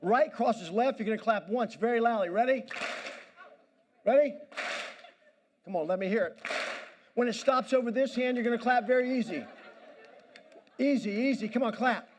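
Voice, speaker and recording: A man's voice: very high-pitched, normal speed, pauses often, a little hiss or hum. A man giving a motivational speech at a banquet, commanding and pumping up the audience. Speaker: motivational speaker. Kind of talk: energetic crowd-directed speech. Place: banquet hall.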